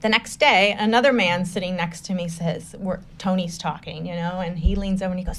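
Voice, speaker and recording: A woman, a nonprofit founder being interviewed, tells stories in a lively way and acts out the voices of people she quotes. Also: fairly low pitch, brisk, hardly any pauses, slight background noise. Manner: animated, acts out quoted voices, laughs often. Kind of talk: casual interview storytelling.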